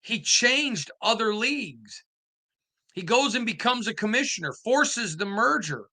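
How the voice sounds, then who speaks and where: A man's voice: sits high, lively intonation, measured pace, pushed and bright. A middle-aged man hosting a sports show, telling rambling stories and building to an impassioned opinion rant. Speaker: sports beat writer and show host. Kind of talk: opinion monologue to camera.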